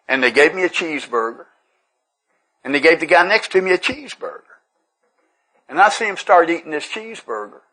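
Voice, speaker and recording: A man's voice: fairly high pitch, expressive, a little fast, long pauses, sharp tone, poor audio. A man with a Tennessee accent speaks to a recovery workshop in a somewhat raised voice. He tells folksy, humorous stories with an earnest drawl and talks straight to the room. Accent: Southern US, Tennessee. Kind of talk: folksy storytelling talk to a live group.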